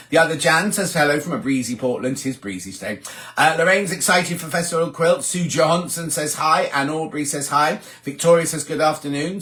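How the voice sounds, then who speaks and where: Older man, lively rising and falling voice, bright tone, chatty livestream host reading out comments. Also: on the high side. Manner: chatty, reads out comments and answers them. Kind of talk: casual live chat reading viewer comments.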